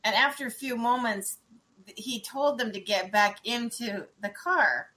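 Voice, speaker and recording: A woman's voice: fairly high pitch, unhurried, sharp tone. A woman hosting a casual podcast, telling a funny story and laughing often. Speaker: podcast host.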